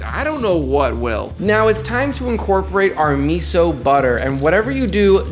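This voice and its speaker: Upbeat man narrating a recipe over music. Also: on the high side. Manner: upbeat, hyped, talks straight to viewers. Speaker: home cooking creator. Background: background music.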